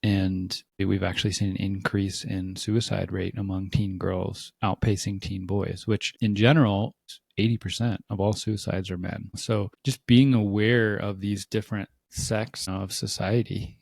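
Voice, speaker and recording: A man co-hosting a casual podcast discussion. He talks in a reflective, joking way and gets quicker when he gets animated. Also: sits low, creaky, husky, no room sound, studio quality. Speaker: podcast co-host.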